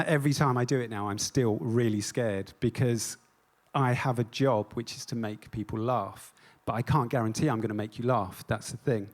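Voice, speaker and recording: A man giving a stage talk as an artist. He is self-deprecating and jokey, with many ums. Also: mid-range voice. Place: on stage before an audience.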